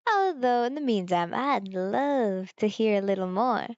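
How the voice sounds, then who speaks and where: A woman's voice: medium pitch, animated, measured pace, no room sound, highs cut off. A woman reading the lines of a friendly young man at a bar in a visual novel game, giving him a country accent. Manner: says she gives him a country accent.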